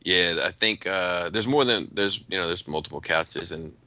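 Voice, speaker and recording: Podcast co-host, male, very low bright voice, dry sound, loose casual delivery. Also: normal speed, no room sound. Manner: laid-back, swearing, many fillers. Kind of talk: casual chat.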